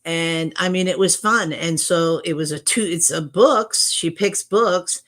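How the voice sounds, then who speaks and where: A woman's voice: fairly low pitch, measured pace, a bit bright. Chatty woman hosting a livestream. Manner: chatty, reads out and greets chat viewers, frequent restarts. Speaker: livestream host. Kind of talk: casual live-stream chat.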